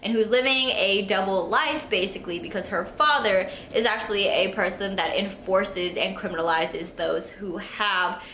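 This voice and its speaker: A woman's voice: mid-range voice, normal speed, hardly any pauses, fairly bright tone, slight background noise. A woman book vlogger chatting casually in a bubbly, gushing way. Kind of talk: casual vlog chat. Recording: echoey room.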